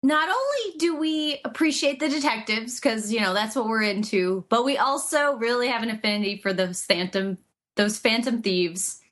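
Young woman, bright tone, rambling podcast chat, excitable. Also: a little high, moderate pace. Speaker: podcast co-host.

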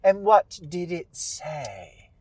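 A man's voice: fairly high pitch, big pitch swings, extremely slow, no echo, voice pushed up, heavily acted. A man voicing a condescending, wry witch over a hundred years old, with stretched, emphatic words and an accent that is hard to place. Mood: dry, testing. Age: over 100 (figure).

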